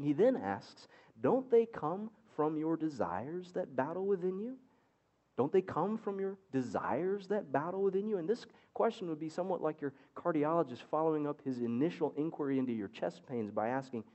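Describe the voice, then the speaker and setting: A man's voice: medium pitch, dark tone. Wry male preacher, dull lo-fi recording. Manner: wry, sarcastic asides. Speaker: pastor. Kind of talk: sermon.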